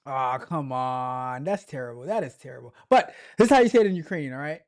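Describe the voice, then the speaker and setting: A man's voice: mid-range voice, lively intonation, a little fast, darkish tone. A man hosting a casual tech livestream, joking around and reading news aloud with stumbles and repeated words.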